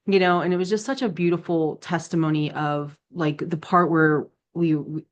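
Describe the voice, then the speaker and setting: Low-voiced woman sharing a testimony. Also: moderate pace. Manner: chatty and animated, with many fillers and acted quotes. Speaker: ministry devotional speaker. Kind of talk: casual spoken testimony.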